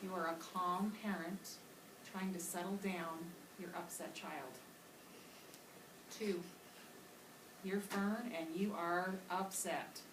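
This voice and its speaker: A woman's voice: lowish voice, fairly even intonation, slow, long pauses. A woman teacher giving a reading lesson to children, explaining patiently and modeling how dialogue should sound. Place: classroom. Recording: echoey classroom from far off with loud noise.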